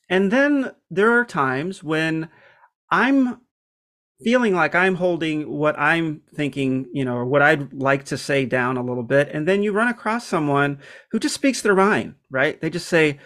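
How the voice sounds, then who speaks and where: A man with a slightly high-pitched voice talks through a self-help topic in a casual, unscripted way. He thinks out loud, filling pauses with ums and restarting his sentences as he goes. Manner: reflective, many fillers and restarts. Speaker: podcast host.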